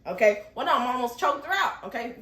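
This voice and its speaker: A woman vlogger recaps a TV episode in a bright, high voice. She talks in an animated, emotional way, laughing often and putting questions to her viewers. Her voice rings in an echoey room. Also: quick pace. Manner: addresses viewers with rhetorical questions. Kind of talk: casual recap vlog.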